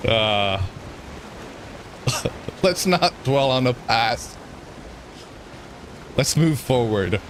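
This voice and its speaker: Slow-talking man narrating his gameplay. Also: mid-range voice, expressive, a bit bright, a little hiss or hum. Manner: rambling, self-mocking, chuckles often. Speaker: streamer. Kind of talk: gameplay commentary.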